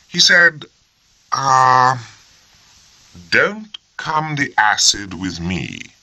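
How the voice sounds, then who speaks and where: A man's voice: mid-range voice, very animated, very slow, sharp tone, no echo, pitched above the performer's own voice, full character voice, rough recording. A man voicing a grave, formal and very courteous naval officer who speaks with stiff precision. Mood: formal, puzzled.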